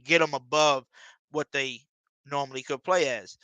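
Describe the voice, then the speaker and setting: Bright, crisp-voiced young man talking football. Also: on the high side, measured pace, no room sound, muffled recording. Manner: excited, addresses viewers directly. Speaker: sports fan video host. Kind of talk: casual fan commentary.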